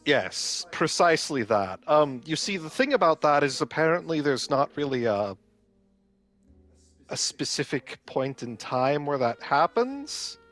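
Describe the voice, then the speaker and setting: A flustered, bookish young healer, played by a man, in a tabletop role-play game. He speaks slowly and stammers through his explanations, and his pitch swings widely. Faint music plays in the background. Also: big pitch swings, fairly bright tone. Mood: hesitant. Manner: hesitant, halting, stammering explanations.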